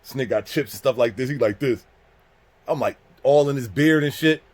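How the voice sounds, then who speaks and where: A man's voice: mid-range voice, brisk, a little mellow. A man casually telling a story from prison, acting out the other people in it. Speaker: storyteller host.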